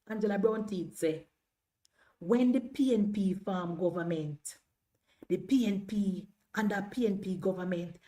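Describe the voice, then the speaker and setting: A Jamaican woman in her thirties delivers impassioned political commentary on a livestream, drifting into patois as she goes. Her voice sits in the mid-range with a somewhat dark tone.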